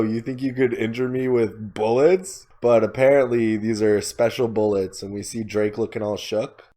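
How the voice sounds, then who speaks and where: Low-voiced casual man recapping with fillers. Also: darkish tone. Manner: casual, retells scenes with many "like" fillers, quoting characters in his own voice. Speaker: podcast co-host.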